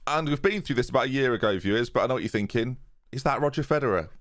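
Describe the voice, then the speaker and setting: A man's voice: mid-range voice, lively intonation, rapid-fire, fairly bright tone. A young man commentating on his own football-management game, chatting casually and joking to his viewers in rambling asides. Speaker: gaming YouTuber. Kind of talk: casual let's-play commentary. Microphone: USB desk microphone.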